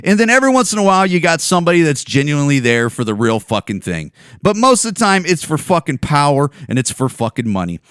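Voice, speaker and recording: A man's voice: a little high, sing-song, fast talker, fairly bright tone, clean tone, dry recording, clean studio sound. A man in his forties from the Chicago area, hosting a podcast and ranting angrily with lots of swearing and repetition. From Chicago area, USA. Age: 40s. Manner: angry, profane, repetitive. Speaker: podcast host.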